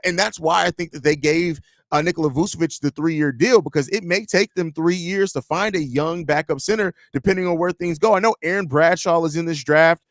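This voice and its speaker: A man in his thirties hosts a live sports podcast in a high-sitting voice, chatting loosely and telling jokey stories peppered with swearing. The recording is dry and studio quality.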